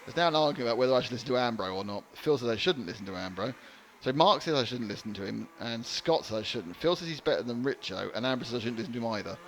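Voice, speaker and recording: A man calls a race live in a chatty, joking way. His voice sits at an ordinary middle pitch, and a faint hum of noise runs behind him. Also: expressive, rapid-fire, hardly any pauses. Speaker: race commentator. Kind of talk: live commentary. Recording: light background noise.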